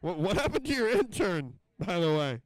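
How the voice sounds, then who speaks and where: A man's voice: sits high, big pitch swings, moderate pace, no room sound, rough recording. A man co-announcing a water ski event live, friendly and chatty, thanking crews and calling out names.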